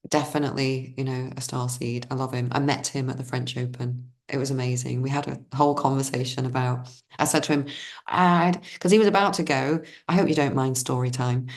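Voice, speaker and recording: A woman with a strikingly low voice chats as a spiritual card reader. She wanders from story to story, loses her thread and gushes with enthusiasm. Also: a little mellow. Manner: enthusiastic, effusive. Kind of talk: casual digressive storytelling.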